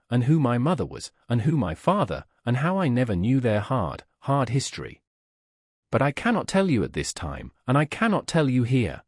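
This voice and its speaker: A man voicing a tender, pleading young woman in an audiobook, speaking softly and imploringly. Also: medium pitch, no room sound, studio quality.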